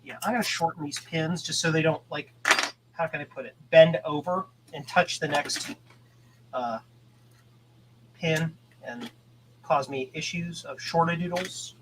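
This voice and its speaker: A man's voice: on the high side, a little slow, pauses often. A man chatting casually on a livestream while repairing electronics, joking and bantering. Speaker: stream host repairing boards. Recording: steady background noise.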